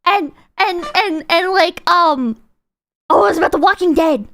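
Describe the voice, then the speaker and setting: A woman streamer chatting casually to her viewers, animated and rambling, swearing freely. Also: very high-pitched, unhurried. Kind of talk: casual reaction stream chat.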